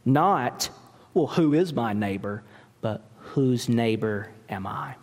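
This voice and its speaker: A pastor's sermon unfolds slowly and deliberately, his pitch lively and animated as it climbs and drops. He preaches with emphasis and relies heavily on rhetorical questions, while a big church hall adds long reverb.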